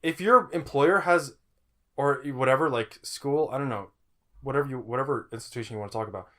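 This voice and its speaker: A man co-hosting a casual podcast at a middle pitch. He talks in loose, jokey rambles and often trails off and starts his sentences over. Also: fairly quick, a bit bright. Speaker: podcast co-host. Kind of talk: casual chat.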